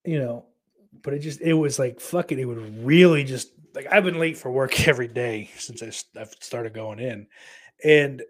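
Young male streamer, casual rambling chat, frequent swearing, mid-pitched voice. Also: moderate pace. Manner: rambling, heavy swearing, filler-laden. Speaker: live streamer.

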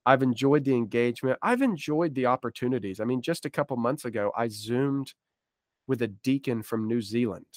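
A man's voice: mid-range voice, a little fast, darkish tone, no echo, studio quality. A man co-hosting a podcast, chatting casually with self-deprecating jokes. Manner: joking, self-deprecating asides. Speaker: podcast co-host.

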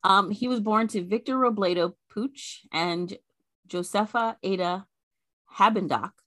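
A woman's voice: mid-range voice, unhurried, fairly bright tone, dry recording. A woman co-hosting a podcast in casual chat, chatty with many fillers and frequent laughter. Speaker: podcast co-host.

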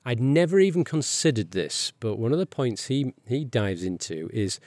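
Male podcast host, mid-pitched, rambling conversational delivery, dry booth sound. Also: big pitch swings, moderate pace, a little mellow, dry recording. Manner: rambling, frequent restarts and asides. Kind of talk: casual chat.

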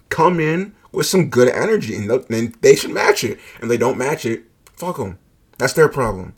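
A man's voice: medium pitch, animated, fairly quick, breathy edge. A man casually telling a personal story, swearing freely, leaning on "like" and laughing along as he goes. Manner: laid-back, profane, heavy use of "like", laughs often.

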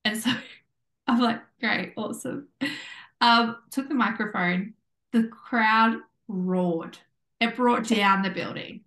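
A woman's voice: fairly high pitch, slow pace. Bubbly woman telling a story. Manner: bubbly, animated storyteller, acts out quotes. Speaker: podcast co-host. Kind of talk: casual chat. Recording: echoey room.

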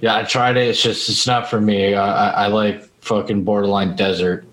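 A man's voice: on the low side, flat delivery, moderate pace, fairly bright tone. A man rambles bluntly and swears freely as he co-hosts a casual podcast. His voice sits in a roomy, echoing space. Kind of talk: casual chat. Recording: roomy echo.

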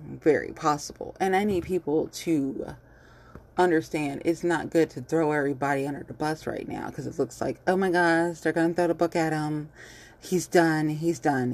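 A woman giving a blunt, animated casual commentary monologue on local politics, swearing freely. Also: low-pitched, vocal fry.

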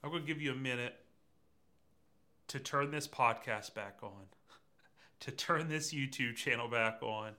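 A pastor delivers a conversational sermon, speaking straight to his congregation in a lively way. His voice is medium-pitched and a little slow, with frequent pauses.

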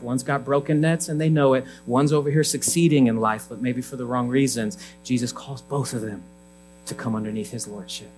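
A man's voice: on the high side, slight background noise, poor audio. A male pastor giving a conversational sermon, telling a story and acting out the people in it. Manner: conversational, animated, acts out dialogue.

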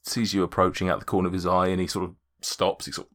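A man's voice: low voice, level tone, fast talker, fairly bright tone. A man narrating a tabletop game as game master, rambling and jokey with lots of repeats.

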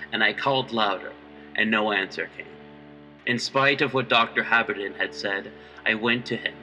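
Bright-voiced man reading a horror story. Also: lowish voice, far from the mic, poor audio. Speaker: reader.

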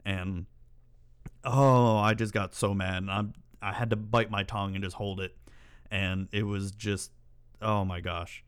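Rambling, profane man with a smooth voice. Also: on the low side, fairly even intonation, measured pace. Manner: rambling and profane, with exasperated rants. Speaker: channel host. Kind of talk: casual storytelling to camera.

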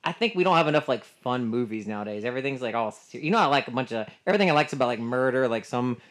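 A man's voice: mid-range voice, lively intonation, rapid-fire, fairly bright tone. A man co-hosting a podcast in casual chat, chatty and self-mocking, laughing often. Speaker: podcast co-host.

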